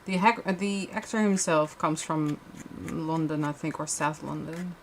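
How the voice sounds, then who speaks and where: A woman with a slightly low voice talks casually while she crafts on a livestream. Her chat rambles, full of restarts and fillers, over a faint hum of background noise. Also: steady tone, measured pace.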